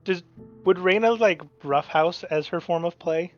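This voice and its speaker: Calm, matter-of-fact tabletop game master. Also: medium pitch, unhurried, highs cut off, faint music behind.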